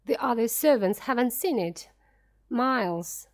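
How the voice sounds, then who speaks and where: A woman's voice: fairly high pitch, expressive, measured pace. A woman voicing an anxious older female housekeeper in a simplified story reading, her lines fretful and pleading. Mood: distressed.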